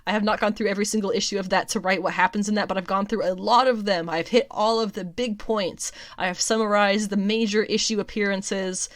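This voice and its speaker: A woman's voice: medium pitch, fairly quick, few pauses, no echo. Young woman gushing about comics on her podcast, rambly, lots of ums, dry close mic. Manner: excitable, rambling with many ums and restarts. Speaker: podcast host. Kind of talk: casual comics news chat.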